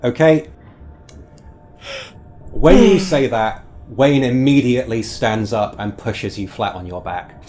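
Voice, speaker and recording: A man narrating as game master of a tabletop game, relaxed and halting with fillers. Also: mid-range voice.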